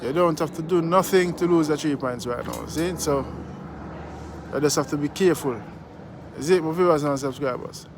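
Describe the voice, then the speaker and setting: Outdoors amid a noisy background, this vlogger host, a Jamaican-accented man with a slightly high, gravelly voice, talks at a moderate pace. He greets passersby and preaches in a relaxed way, repeatedly ending lines with "you see me."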